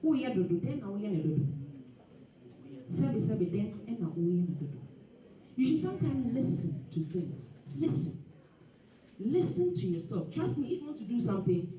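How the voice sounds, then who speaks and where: A woman giving an animated, preachy motivational talk at a dinner event. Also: mid-range voice, normal speed. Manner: animated and preachy, with laughs and acted asides. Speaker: guest speaker. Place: event hall. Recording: echoey hall, speaker far from the mic.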